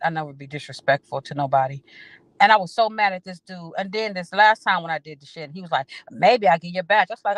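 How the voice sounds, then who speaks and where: A woman's voice: fairly low pitch, fairly bright tone, dry recording. A woman hosting a casual storytelling chat, blunt and profane, repeating phrases for emphasis and acting out both sides of her conversations.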